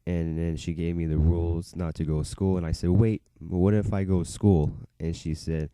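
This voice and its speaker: A young man rambles through a personal story in a very low, deep voice with a dark, mellow tone. His speech is smooth and resonant, loose and filler-heavy, broken up by laughs. The sound is close and dry. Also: level tone, moderate pace, few pauses, no echo. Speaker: vlogger. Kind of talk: casual storytelling.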